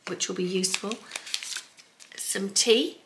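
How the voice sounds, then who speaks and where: Middle-aged woman, excitable sewing vlogger, noisy home room. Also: medium pitch, takes it slowly. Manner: gushing, excitable, talks to viewers as folks. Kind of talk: chatty unboxing vlog.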